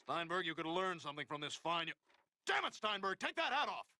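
An actor playing a gruff, short-tempered male schoolteacher in a cartoon, barking orders at his class. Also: sits high, sing-song, fairly quick, bright, forceful tone, a little hiss or hum, heavily acted. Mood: exasperated. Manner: barking, exasperated. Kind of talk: animated sitcom dialogue.

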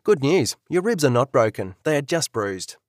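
A calm, informative hospital doctor, read by the male narrator in an everyday voice. The recording is dry and close. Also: medium pitch, moderate pace, no echo, natural voice.

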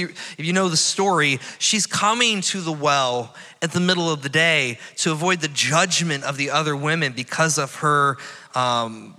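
Bright-voiced man preaching in a hall. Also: fairly high pitch. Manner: animated storytelling, acting out Bible dialogue. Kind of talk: sermon. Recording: long reverb of a church hall.

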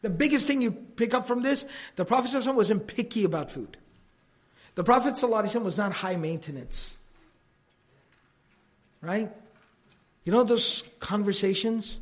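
A man's voice: sits high, lively intonation, a little fast, long pauses. A man teaching a religious class in a conversational lecture style. He keeps checking in with "right?" and acts out the remarks he quotes.

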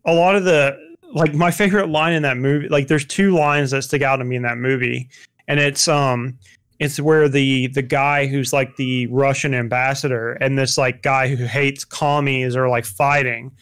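A man's voice: medium pitch, fairly even intonation, moderate pace, a bit bright, smooth. A young man chatting casually about films, rambling with lots of fillers and restarts.

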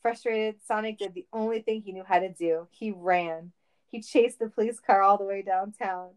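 A woman reads a comic story aloud with playful timing. Her voice sits in a middling range, and she keeps the narration lively and teasing. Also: medium pitch, moderate pace, clean tone, rough recording. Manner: playful, laughing.

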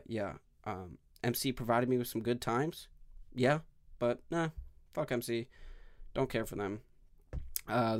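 A young man hosting a casual solo podcast, rambling and swearing, swinging from low mumbles to loud outbursts. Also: clean tone, no echo, clean studio sound. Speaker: podcast host.

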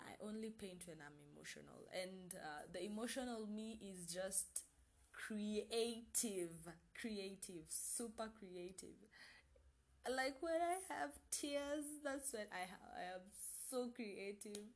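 A young woman chatting casually to camera as a vlogger, talking in loose restarts and repeating herself as she goes. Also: mid-range voice.

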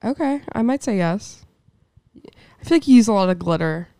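A young woman in her twenties chatting in a quick, joking, dramatic way. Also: mid-range voice, animated, vocal fry, warm tone, smooth, dry recording, clean studio sound. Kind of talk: casual chat.

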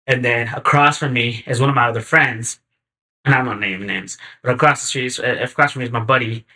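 A man guesting on a podcast, telling stories in a relaxed, slangy way. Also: mid-range voice, a little fast. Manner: laid-back, slangy, acts out quotes in animated bursts. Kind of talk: casual chat, storytelling.

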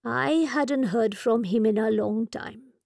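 A woman's voice: on the high side, fairly even intonation, slow, creaky, a little mellow, dry recording, studio quality. A woman voicing an elderly, genial shopkeeper who rambles in formal, old-fashioned phrasing, in an audiobook. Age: older. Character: elderly male Indian shopkeeper, wry and talkative. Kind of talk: audiobook character voice.

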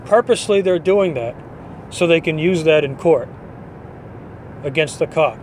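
A man's voice: on the high side, unhurried, darkish tone, a little hiss or hum. A man hosting a podcast, delivering a blunt, dismissive opinion monologue. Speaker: podcast host.

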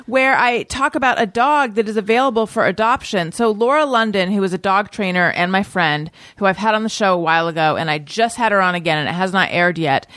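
A woman hosting a podcast in casual chat, chatty and swearing freely with quick laughs. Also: medium pitch, fairly bright tone, no echo, studio quality. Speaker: podcast host.

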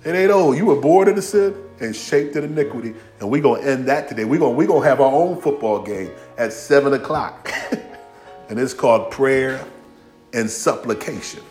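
Faint music plays behind a mid-range male voice at a moderate pace as a pastor preaches. His sermon is playful and humorous, with animated acted-out voices of biblical figures speaking Southern-inflected vernacular, "y'all" and "ain't" included.

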